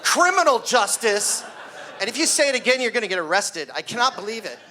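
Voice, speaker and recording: A man in his sixties with a high voice does stand-up at a party before a live audience, racing through his material. He's a wrestling coach, animatedly telling stories and acting out the kids' voices.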